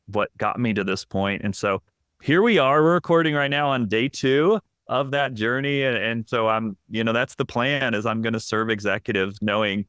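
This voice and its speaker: A middle-aged executive coach talking candidly in a casual podcast interview, reflective and full of fillers and restarts. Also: male voice, mid-range voice, moderate pace, fairly bright tone, smooth, no echo, clean studio sound.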